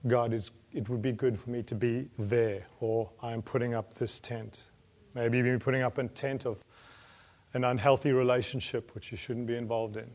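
A male preacher delivers a sermon in an ordinary mid-range voice. He speaks earnestly, pushing some phrases with force and letting others fall quiet. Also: mid-range voice. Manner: earnest, rising to emphatic peaks then dropping soft.

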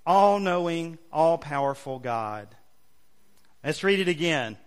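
A male pastor preaching a sermon, leading the congregation in call-and-response with emphatic, drawn-out phrases. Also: fairly high pitch, a bit bright. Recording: long hall reverb.

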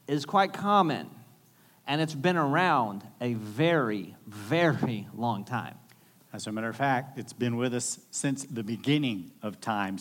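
A man preaching a sermon in a conversational, animated way, with jokey asides and acted-out quotes. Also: mid-range voice. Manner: animated, acts out quoted voices. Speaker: pastor.

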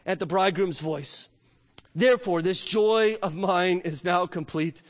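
A man preaching a sermon as a pastor, emphatic and full of rhetorical questions, swinging between loud declarations and quiet, hushed lines. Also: a little high, normal speed. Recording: long reverb of a large hall.

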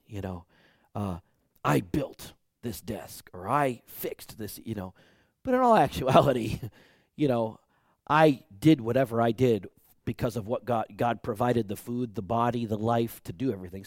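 A man's voice: mid-range voice, darkish tone, no room sound, studio quality. A middle-aged man preaching a conversational sermon, building to emphatic peaks with frequent fillers. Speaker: pastor.

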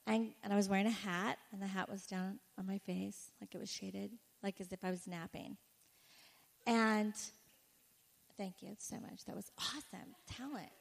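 A woman speaker giving an animated personal testimony to a conference audience, full of "like" fillers. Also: mid-range voice, moderate pace, gravelly. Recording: echoey hall reverb.

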